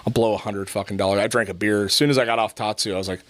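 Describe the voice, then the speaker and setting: A middle-aged man hosting a podcast, telling a story in casual chat with animated delivery, lots of swearing and laughter. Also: on the low side, racing. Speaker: podcast host.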